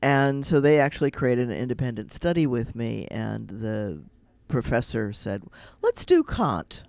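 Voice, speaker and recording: A man's voice: medium pitch, moderate pace, creaky, a little mellow, clear, resonant tone, no echo. A man with a Midwestern American accent, chatting casually on a radio show and rambling through personal stories. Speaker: rabbi, radio guest.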